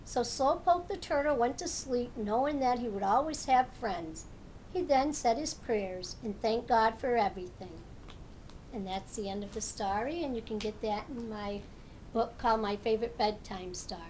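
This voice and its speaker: A woman's voice: fairly high pitch, moderate pace, darkish tone, slight background noise. A woman, a children's author, reading her own bedtime storybook aloud in a plain, homely storytelling manner.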